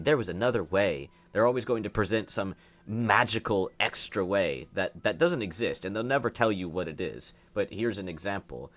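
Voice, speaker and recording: A man's voice: on the low side, fairly bright tone. A young man delivering a heated, sarcastic opinion monologue as a political commentator, often repeating words as he speaks.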